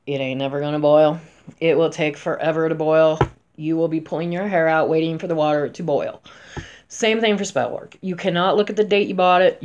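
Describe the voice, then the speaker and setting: A woman in her forties, a spellcaster, talking casually to camera in a chatty, emphatic way, going from loud to soft. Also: low-pitched, lo-fi sound. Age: 40s.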